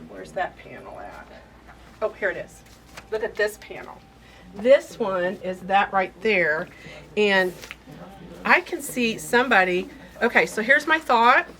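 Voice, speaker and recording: A woman's voice: medium pitch, fairly bright tone. Chatty enthusiastic woman showing fabrics in a shop, gushy, bit of faint noise behind. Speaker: quilt shop host. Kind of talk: casual product showcase.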